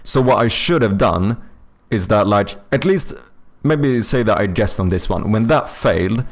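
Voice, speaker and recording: A man's voice: on the low side, lively intonation, a little slow. A man, chatting casually with viewers on a live stream while playing a word game, thinking aloud and swearing freely.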